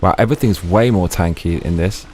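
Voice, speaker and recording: A man streaming a video game, talking excitedly, swearing a lot and restarting his sentences. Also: deep voice, brisk, a little hiss or hum. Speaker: gaming streamer. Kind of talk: let's play commentary.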